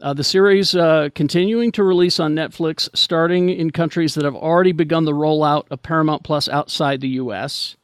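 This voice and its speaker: A man's voice: on the high side, fairly even intonation, a little fast, few pauses, smooth, no echo, clean studio sound. An American man hosting a casual podcast chat, rambling and restarting his sentences often. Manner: rambling, hesitant with many restarts. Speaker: podcast host.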